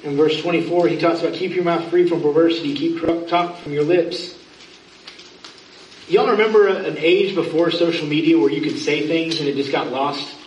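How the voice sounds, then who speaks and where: High-voiced man preaching in an echoey room. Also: steady tone, brisk, darkish tone, far from the mic, a little hiss or hum. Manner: earnest, pleading, with self-mocking asides. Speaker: pastor. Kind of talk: sermon. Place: church sanctuary.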